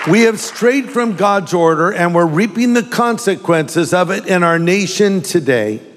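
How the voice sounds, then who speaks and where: Man pastor, high voice, humorous sermon, playful asides, long church reverb. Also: lively intonation, a faint crowd, a little hiss or hum. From California. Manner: humorous, with joking asides and quick impressions.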